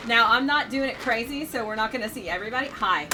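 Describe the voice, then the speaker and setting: A woman's voice: a little high, fast talker, hardly any pauses, music in the background. A woman streaming a game from home, chatting casually with her audience. She rambles with many fillers and pokes fun at herself. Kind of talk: casual live-stream chat while playing a game. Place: home room, seated on her bed. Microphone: streaming microphone.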